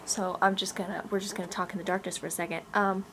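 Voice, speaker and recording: A woman in her twenties rants to her camera at home, rambling and sarcastic, often breaking into small laughs. Her voice sits at an ordinary middle pitch. A faint background hum runs under the recording. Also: level tone, fast talker. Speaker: novelist and vlogger. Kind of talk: casual rant vlog. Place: room at home, growing dark. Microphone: camera mic.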